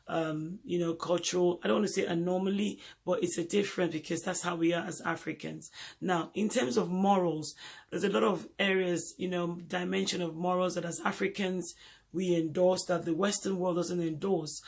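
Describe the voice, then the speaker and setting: A man's voice: fairly high pitch, vocal fry. A man from Nigeria with a Nigerian accent, talking in an emphatic casual monologue and repeating points for stress. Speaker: vlogger host.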